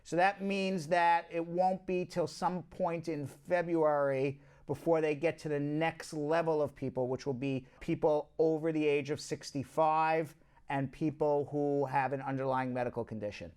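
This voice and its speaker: A man's voice: on the high side, steady tone, normal speed, darkish tone, clear, resonant tone. A man with a Long Island accent hosting a casual news rundown, chatty and prone to asides to his co-hosts. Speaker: host, immigration news show.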